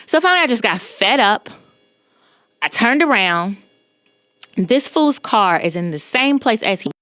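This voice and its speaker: A woman hosting a podcast, telling a personal story in an emphatic, animated way and often checking in with the listener. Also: a little high, a little slow, dry recording, studio quality. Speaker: podcast host.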